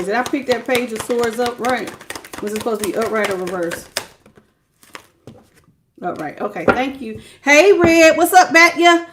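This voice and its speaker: On a live-stream tarot reading, a woman with a high, bright-pitched voice chats casually and folksily. She calls out her viewers by name one at a time and often laughs between card pulls.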